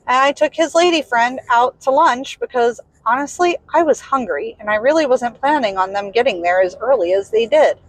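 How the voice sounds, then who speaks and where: A young woman with a Southern US accent telling a personal story in a candid, exasperated, animated way. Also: mid-range voice, dry recording, low-quality recording. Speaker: vlogger. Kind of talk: casual storytelling. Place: in a vehicle.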